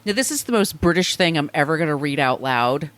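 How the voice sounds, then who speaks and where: A woman co-hosting a casual podcast, chatting and reading a statement aloud, with profane asides and quick apologies. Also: low voice, animated, a bit bright. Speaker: podcast co-host.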